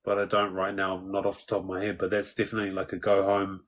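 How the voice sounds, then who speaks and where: Husky laid-back New man. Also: deep voice, monotone, fast, fairly bright tone. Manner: laughs often, quotes film lines. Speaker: guest. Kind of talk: casual chat.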